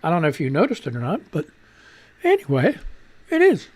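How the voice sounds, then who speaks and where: A little fast, with a fairly high voice whose pitch swoops wildly, this radio host in his sixties chats on a live stream. He swears, rambles, laughs at himself, and reads tweets from viewers.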